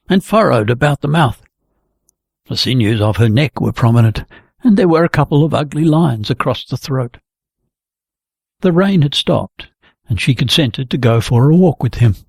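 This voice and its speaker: A male narrator reads a novel in a measured, steady way, his voice gravelly with a husky edge. The recording is close and dry, with no room echo. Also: mid-range voice. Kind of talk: audiobook reading.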